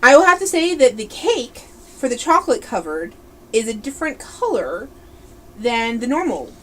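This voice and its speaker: A woman co-hosts a relaxed tasting chat in a fairly high, very lively voice. She hesitates and fills gaps with soft agreeing murmurs. A faint hiss sits behind her. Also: moderate pace. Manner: chatty, hesitant, lots of um and mm-hmm. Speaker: co-host. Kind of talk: casual food-tasting chat.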